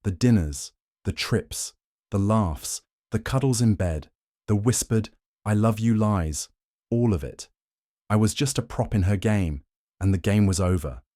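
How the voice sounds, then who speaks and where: A young man narrating his own dramatic story in the first person, brooding and measured, with a vengeful edge. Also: fairly low pitch, animated, warm tone, dry recording, studio quality.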